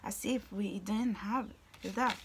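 A woman giving a tarot reading to her viewers, excitable and exclamatory, sometimes dropping to a whisper. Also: mid-range voice, takes it slowly, slightly rough. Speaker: tarot reader.

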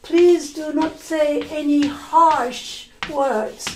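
A woman teacher voicing a mother who pleads about her spoiled daughter, in her own slow storytelling voice. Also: sits high, fairly even intonation, a little hiss or hum, pitched above the performer's own voice. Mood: pleading.

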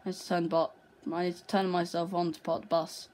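A woman chatting through her own football video game match, talking tactics under her breath and bursting into shouts at near misses and goals. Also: fairly low pitch, flat delivery, fairly quick. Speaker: gaming video creator.

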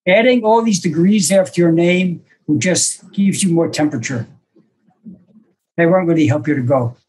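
A man's voice: fairly high pitch, moderate pace, a little mellow, husky, poor audio. An older man, a senior disciple, telling reflective, self-deprecating stories to a small group over a video call, with hesitant fillers. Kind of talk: storytelling to a small online group.

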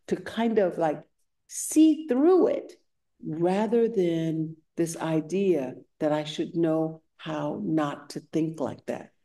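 A woman's voice: fairly low pitch, mellow. A woman giving a meditation dharma talk at a retreat, conversational and searching, repeating phrases as she reads from scripture. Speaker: meditation teacher. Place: retreat center meditation hall.

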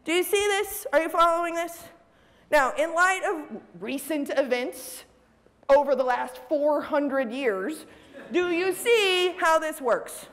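Animated high-voiced woman speaker. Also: takes it slowly. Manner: animated, checks in with the audience with "right?". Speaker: public speaker. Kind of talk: motivational talk to an audience. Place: large hall with audience. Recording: reverberant hall.

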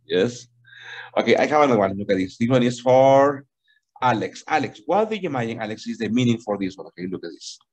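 During an online language lesson on a video call, a male English teacher with a husky voice explains things slowly and patiently. He keeps repeating "okay?", slips into Spanish, and his pitch stays lively throughout.

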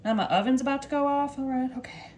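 A woman's voice: high voice, fast, darkish tone, a little hiss or hum. A woman chatting casually to viewers as she cooks in her home kitchen, calling them y'all. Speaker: cooking vlogger. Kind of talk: casual cooking vlog.

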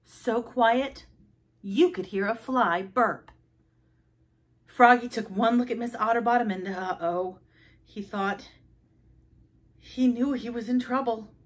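A woman reading a children's book aloud, expressive, with sound effects. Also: fairly high pitch, takes it slowly, long pauses. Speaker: storybook reader.

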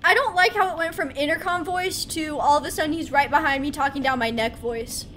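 Female streamer, high bright voice, excitable running commentary on gameplay. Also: brisk, a little hiss or hum. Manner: excitable, talks to herself, yelps. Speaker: gaming streamer.

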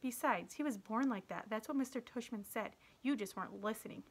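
A woman doing a bright, bossy schoolgirl. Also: on the high side, a little fast, slightly rough. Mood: scolding. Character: chatty bossy schoolgirl, peacemaker. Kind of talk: read-aloud storytelling.

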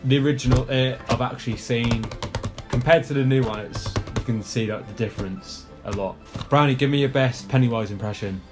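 An enthusiastic young Englishman talks casually, swearing freely as he shows off his collection. His voice sits at an ordinary middle pitch. Faint music plays behind him. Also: brisk. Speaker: guest showing his collection. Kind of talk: casual show-and-tell chat.

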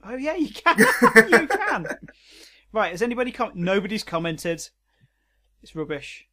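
A man co-hosts a casual podcast, his voice bright and clear. He laughs easily and reads a short story aloud with hammy dramatic flair. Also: sits high, very animated, moderate pace. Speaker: podcast co-host.

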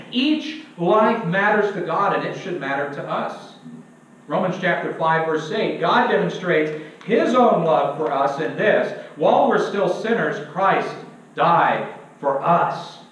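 A young man preaches emphatically, often pausing so the congregation can fill in the word. His voice sits high, and he jokes at his own expense. The sound comes from far off in a very reverberant sanctuary, muffled and dull. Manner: self-deprecating humor. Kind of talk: sermon. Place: church sanctuary. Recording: very echoey church, distant and dull.

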